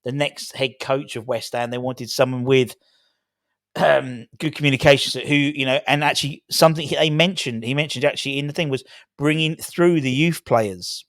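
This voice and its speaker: A middle-aged man chats on his own about his football club, rambling, restarting sentences and dropping in fillers as he goes. His voice sits in a middle pitch and the recording is close and very dry, with no room sound. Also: steady tone, moderate pace, fairly bright tone, no room sound. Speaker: fan channel host. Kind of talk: casual solo video chat.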